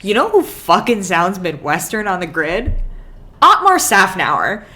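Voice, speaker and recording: A woman with a medium-pitched, slightly slow voice co-hosts a podcast in a casual chat. She tells stories with lots of animation and acts out the quotes herself.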